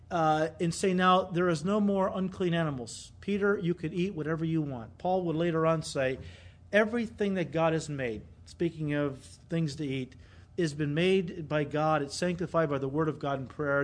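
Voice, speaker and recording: A man with a high voice preaching a sermon from the pulpit. He teaches animatedly and acts out the people in his stories, jumping to loud emphatic bursts. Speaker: pastor.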